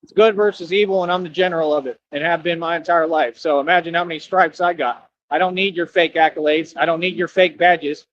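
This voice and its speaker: A young man with a high voice rants on a livestream, emphatic and combative, full of street slang. The sound is dull and lo-fi. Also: fairly even intonation, a little fast, a little hiss or hum. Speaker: streamer. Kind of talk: livestream rant. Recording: dull lo-fi audio.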